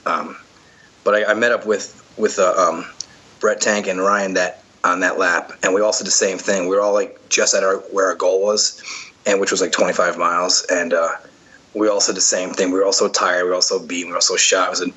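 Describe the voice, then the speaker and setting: On poor audio, an obstacle racer guesting on a podcast tells race stories in a loose, rambling way with lots of fillers and false starts. His voice is low and level, a little fast, sharp-toned with a breathy edge.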